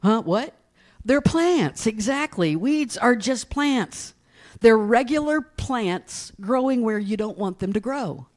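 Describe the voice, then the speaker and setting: A woman's voice: fairly high pitch, lively intonation, slow, darkish tone. A middle-aged woman pastor from East Tennessee giving a folksy, storytelling sermon and often asking her congregation "right?".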